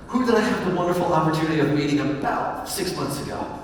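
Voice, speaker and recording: A man giving a lively keynote as a business magician, chatting and joking with the audience in an energetic, playful way. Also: a little high, quick pace, a little hiss or hum. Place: large event hall. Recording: echoey hall from far off.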